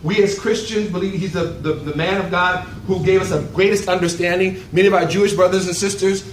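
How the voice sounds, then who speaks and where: A man preaching a sermon at a luncheon, with animated, rhetorical call-and-response delivery. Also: sits high, fairly quick, a little hiss or hum. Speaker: pastor. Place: event hall. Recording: echoey room, voice from far off.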